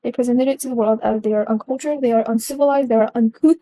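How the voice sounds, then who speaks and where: A woman's voice: fairly high pitch, fairly even intonation, fast talker, warm tone, dry recording, poor audio. A young adult woman giving a casual explanatory talk, earnest, with frequent ums and restarts.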